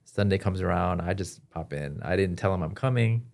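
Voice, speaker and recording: A man as a podcast guest, telling his personal story in an earnest, halting way with frequent restarts. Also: deep voice, gravelly, darkish tone. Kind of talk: personal testimony in an interview.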